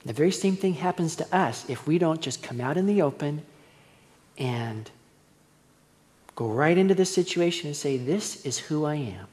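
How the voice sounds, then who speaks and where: A man's voice: fairly high pitch, lively intonation, moderate pace, darkish tone. A male pastor preaching a verse-by-verse sermon in a conversational, storytelling way. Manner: conversational storytelling, acts out quoted voices. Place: church hall. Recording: long church reverb.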